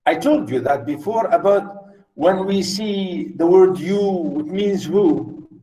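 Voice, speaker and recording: A man's voice: sits high, slow pace, mellow, far from the mic, poor audio. A man, teaching a literature class in a classroom, emphatic and repetitive, with many fillers. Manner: emphatic, repeats words, many "you know" fillers. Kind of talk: classroom lecture.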